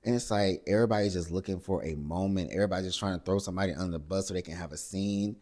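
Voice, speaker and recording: A man hosting a casual reality TV recap, talking it through in a lively, conversational way. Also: rapid-fire. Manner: animated, acts out cast members' lines in higher voices. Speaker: recap host.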